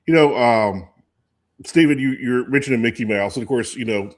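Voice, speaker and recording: Guy in his 40s co-hosting a sports show, rambly, lots of uh and restarts, normal pitch. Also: moderate pace. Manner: rambling storyteller with many restarts and fillers. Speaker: co-host. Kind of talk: casual chat.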